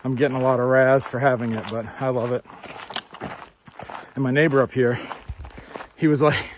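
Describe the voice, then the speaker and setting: A man of medium pitch talks to a handheld phone while hiking outdoors. He is upbeat and repetitive, laughing often and sometimes huffing on uphill stretches. Faint background noise sits under his voice. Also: fairly even intonation, normal speed. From New Hampshire, USA. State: out of breath while walking uphill. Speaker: hiking vlogger. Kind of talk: casual outdoor vlog. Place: outdoors on hilly rural roads and hilltops. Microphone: handheld phone camera.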